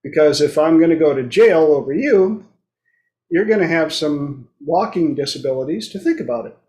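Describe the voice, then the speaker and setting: A man's voice: a little high, animated, moderate pace, warm tone, roomy sound. A man hosting a casual talk show, telling blunt stories and acting out the people in them. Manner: blunt storytelling, acts out quoted voices. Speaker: host. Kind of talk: casual chat.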